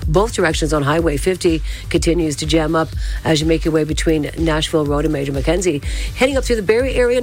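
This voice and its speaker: A woman giving a brisk, matter-of-fact radio traffic report. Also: lowish voice, darkish tone.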